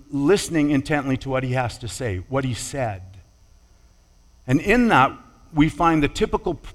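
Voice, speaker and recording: A man preaching a sermon in a measured, deliberate way, pausing and restarting now and then. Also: medium pitch. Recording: long hall reverb.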